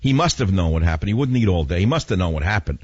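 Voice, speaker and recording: A man's voice: low-pitched, expressive, fast, darkish tone, breathy edge, dry recording. An older man from New York, hosting a radio talk show and telling a story in an emphatic, indignant, rambling way. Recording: dull lo-fi radio broadcast, dry.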